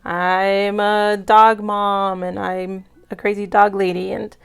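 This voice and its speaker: A woman's voice: mid-range voice, flat delivery, takes it slowly, gravelly, clean tone. A woman vlogging casually, gushing with gratitude and close to tears. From United States. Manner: gushing, emotional, grateful. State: near tears. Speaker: budget vlogger. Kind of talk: casual vlog chat.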